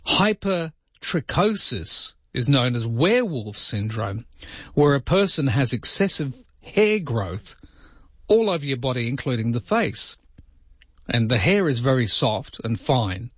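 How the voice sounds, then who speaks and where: A man hosting a radio show in casual chat, musing aloud with quick jumps up in pitch on his asides. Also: big pitch swings, a bit bright, slightly rough, no room sound, lo-fi sound. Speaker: radio host.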